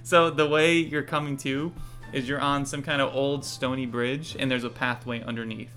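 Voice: medium pitch, level tone, normal speed, fairly bright tone, soft background music. Laid back gm narrating a tabletop game, mid voice, chill. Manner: casual, laughing often. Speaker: game master.

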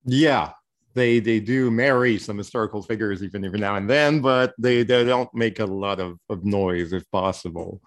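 A man's voice: on the low side, moderate pace, no room sound. A man answering questions as a guest author in a casual interview, giving brief replies.

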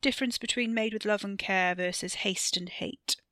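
A woman's voice: medium pitch, normal speed, pushed and bright, no echo, studio quality, lightly acted. A woman narrator voicing a brash, swaggering young man who hosts a club and swears freely. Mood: smug. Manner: crude, cocky, swearing often.

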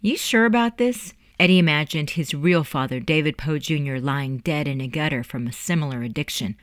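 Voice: medium pitch, steady tone, fairly bright tone, dry recording. Dry-voiced audiobook narrator. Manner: measured, storytelling. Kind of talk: scripted narration.

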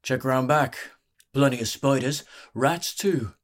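A man's voice: medium pitch, takes it slowly, pitched above the performer's own voice, lightly acted. A man voicing a weary, pot-bellied old barkeep who talks in a growling, slangy, wheedling way.

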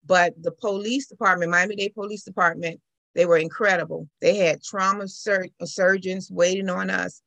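Woman with a low gravelly voice. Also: moderate pace, no echo. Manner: animated storyteller, acts out quoted voices. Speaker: interview guest. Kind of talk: personal account in conversation.

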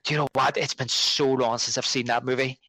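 A man's voice: mid-range voice, fairly even intonation, a little fast, pushed and bright, no echo, rough recording. A man, a podcast guest in casual chat, rambling and correcting himself as he talks. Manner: rambling, self-correcting, conversational.

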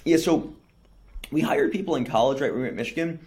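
A man's voice: fairly high pitch, expressive, fairly quick, a little mellow. A young man, a company founder, giving fluent, businesslike answers in a podcast interview and often adding "right?". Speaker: newsletter company CEO, guest.

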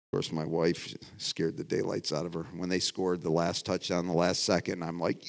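A middle-aged man preaching a casual, conversational sermon as a pastor. He talks in a folksy, rambling way, restarting his sentences and moving between loud emphasis and quiet asides. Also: deep voice, flat delivery, moderate pace, creaky.

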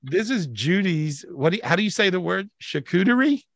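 Sitting high and animated, his voice is a little fast with vocal fry, recorded dry and close with no room sound at all. The man, a spiritual healer and show host, leads a live healing over a video call, affectionate, eager, warm and effusive, repeating phrases again and again.

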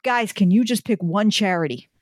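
A woman's voice: medium pitch, moderate pace, dry recording. A woman author ranting bluntly in a candid podcast chat, swearing freely. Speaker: guest, fantasy author.

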